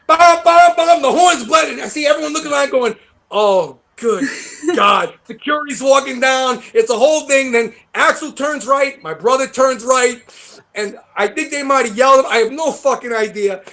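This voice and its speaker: Another new speaker: a New York guitarist guesting in a relaxed interview. His bright, high voice carries rambling, profanity-laced stories punctuated by frequent laughter.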